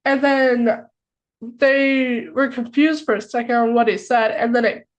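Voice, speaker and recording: A young American woman telling a story on a podcast, excitable and full of "like" fillers. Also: fairly high pitch, a little slow, rough recording. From United States. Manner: excitable, filler-heavy with lots of "like". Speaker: podcast co-host. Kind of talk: casual storytelling chat.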